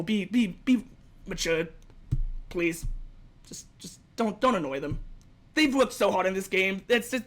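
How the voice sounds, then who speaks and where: A man's voice: high-pitched, fairly bright tone. A young man gushing over a rhythm game update in a rambling, enthusiastic video commentary, full of restarts. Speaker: gaming video creator.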